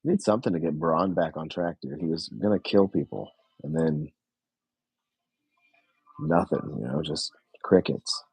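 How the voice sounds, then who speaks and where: A man streams live reactions from home and talks in loose, blunt commentary. His voice is low, dark and mellow, with a husky edge. He breaks into long excited oohs and swears casually, and the sound is dry and close. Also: normal speed, long pauses, no room sound, poor audio.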